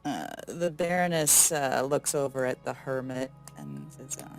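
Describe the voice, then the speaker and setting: A man playing in a tabletop game who narrates his character's moves. His voice is mid-pitched and has a gravelly texture. He pauses with fillers as he goes. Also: very animated, soft background music. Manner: hesitant, with fillers. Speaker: player.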